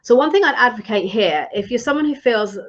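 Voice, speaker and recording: A woman's voice: a little high, animated, fairly quick, muffled recording. Encouraging woman coaching on a live stream. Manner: encouraging, conversational, restarts phrases. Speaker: leadership and career coach.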